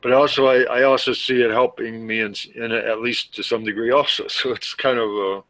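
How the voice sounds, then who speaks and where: A man taking part in a spiritual discussion on a video call, speaking in a hesitant, halting way. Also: mid-range voice, steady tone, sharp tone, no room sound, low-quality recording. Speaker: participant.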